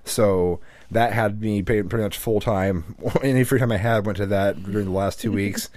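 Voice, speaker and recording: A man's voice: lowish voice, steady tone, moderate pace, darkish tone, no echo. A middle-aged man co-hosting a podcast, telling stories in casual chat, cursing and laughing often. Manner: swearing, laughing storyteller. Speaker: podcast co-host.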